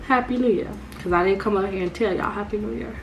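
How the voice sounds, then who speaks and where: A young woman, telling her viewers a story in an animated storytime vlog and calling them y'all. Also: medium pitch, fast, vocal fry, heavy background noise. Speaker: vlogger.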